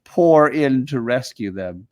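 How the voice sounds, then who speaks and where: A man's voice: mid-range voice, expressive, takes it slowly. A man hosting a casual show reviewing comic books with his kids, talking enthusiastically and often restarting his words. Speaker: comic book show host.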